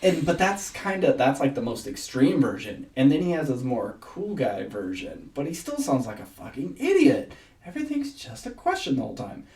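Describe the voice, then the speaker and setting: A man co-hosting a podcast in casual chat, animated and laughing often as he mimics voices. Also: mid-range voice, moderate pace, recorded from a distance. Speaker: podcast co-host. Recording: roomy, off-mic sound.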